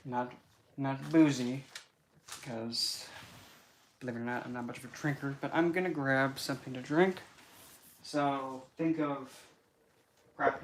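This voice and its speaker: A man's voice: mid-range voice, steady tone, a little slow, long pauses, slight background noise. A man hosting a casual livestream Q&A, rambling and often restarting his sentences. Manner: rambling, with frequent restarts and asides. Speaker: livestream host.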